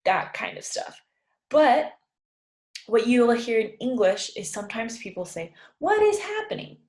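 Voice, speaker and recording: A woman's voice: on the high side, a little slow, darkish tone. A woman teaching English in an informal lesson, patiently explaining and acting out example sentences. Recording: echoey room.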